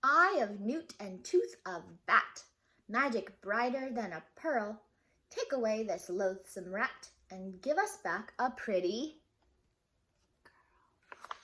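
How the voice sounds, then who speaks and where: Old storybook wizard, rhythmic chanter, voiced by a woman teacher, lively pitch. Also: unhurried. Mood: chanting. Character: tired old male wizard casting spells.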